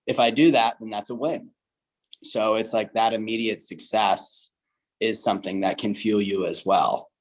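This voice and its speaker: A man's voice: on the low side, fairly even intonation, moderate pace, low-quality recording. A man on a group coaching call, sharing a thoughtful reflection.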